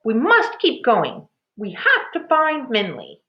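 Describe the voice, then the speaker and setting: A woman's voice: on the low side, wildly swooping pitch, measured pace, roomy sound, heavily acted. A woman voicing a weary but fierce, determined mother who speaks with firm insistence. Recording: dull lo-fi recording.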